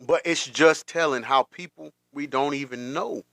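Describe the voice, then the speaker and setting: A man's voice: a little high, normal speed, vocal fry, a bit bright, dry recording. A man hosting a reaction stream, talking with emotion, repeating himself and stopping short. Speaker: host.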